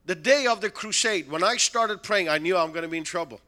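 A preacher with a high, piercing voice tells his sermon as a lively story. He talks in broken-English phrasing and chuckles between lines. His tone is bright and sharp. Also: a little fast.

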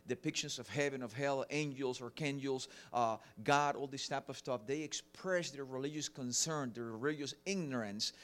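A man's voice: medium pitch, a bit bright. A middle-aged man from Cuba with a Cuban Spanish accent, preaching a sermon earnestly with many fillers. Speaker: pastor.

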